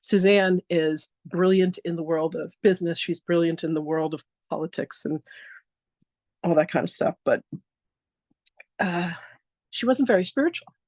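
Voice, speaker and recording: A woman hosting a talk, introducing her guest through a chatty, animated story and often laughing. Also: lowish voice, normal speed, long pauses, no echo, clean studio sound. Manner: animated, acts out dialogue with "I'm like".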